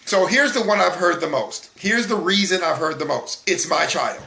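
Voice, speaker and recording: A man's voice: high voice, expressive, moderate pace, creaky, pushed and bright. A man in his forties hosting a solo talk broadcast, speaking in a conversational, emphatic way with frequent fillers and restarts. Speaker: broadcast host. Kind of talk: solo talk show monologue.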